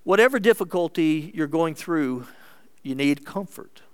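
Slow, clear-voiced male preacher. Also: on the high side, lively intonation. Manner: earnest, measured preaching with sharp swings between emphatic and hushed delivery. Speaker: pastor. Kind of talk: sermon.

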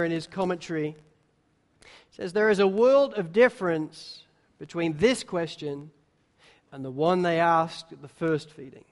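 A man preaching a sermon, now and then acting out the disciples' words in quick little voices. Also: high voice. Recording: long hall reverb.

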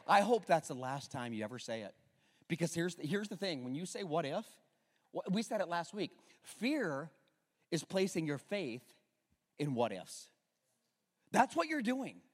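A middle-aged male pastor preaching in a church, with a high, lively voice that leaps around his register. He jokes with the congregation and swings from loud bursts to near-hushed asides. His voice rings out with a long echo through the large hall. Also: a little slow. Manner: animated, joking, swings between loud and hushed. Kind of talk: sermon.

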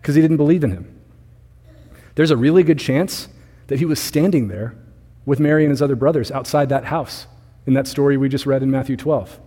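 A man's voice: medium pitch, fairly quick, warm tone, slightly rough. A man in his thirties preaching a sermon as pastor, talking with the congregation in a conversational way and often asking them questions. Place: church sanctuary. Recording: reverberant church hall.

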